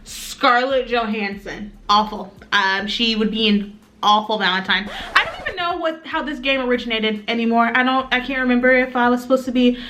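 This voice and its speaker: A young woman chatting through a get-ready-with-me storytime, rambling, animated and playful. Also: a little high, moderate pace, slight background noise. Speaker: beauty vlogger.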